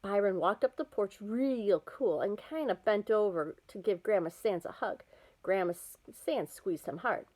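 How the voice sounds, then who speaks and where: Expressive woman reading a novel aloud. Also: medium pitch, a little slow, poor audio. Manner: lively, expressive storytelling. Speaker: storybook reader.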